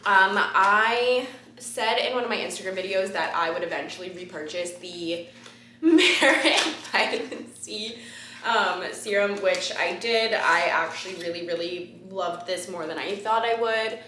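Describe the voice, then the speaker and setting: A young woman talks through a beauty haul in a loose, rambling way, full of ums and the odd curse. Her voice is bright and forward. The room around her is echoey and roomy, like an apartment living room. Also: medium pitch, a little slow, slight background noise. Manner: chatty and rambling, with frequent ums and casual swearing. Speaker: beauty vlogger. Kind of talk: casual haul chat to camera.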